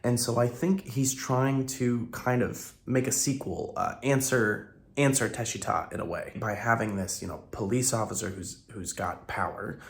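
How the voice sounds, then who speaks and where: A man with a tired early-morning voice, gravelly and full of fry, hosting a reaction video. He talks through his analysis thoughtfully and haltingly, stopping and restarting often. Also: mid-range voice.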